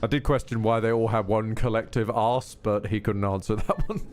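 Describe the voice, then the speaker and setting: A man's voice: fairly low pitch, steady tone, moderate pace, a little mellow, slight background noise. A man streaming a video game, chatting casually with rambling asides and frequent self-corrections. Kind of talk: casual live gameplay commentary.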